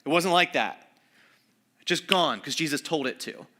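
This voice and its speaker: A male pastor delivering a conversational sermon, animated and acting out quoted voices, dropping to a soft low voice for emphasis. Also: a little slow.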